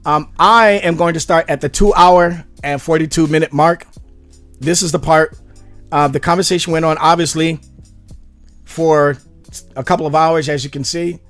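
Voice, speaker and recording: A man hosting a commentary channel, reacting to a debate clip with animated, sarcastic asides. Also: fairly high pitch, moderate pace, no echo, faint music behind.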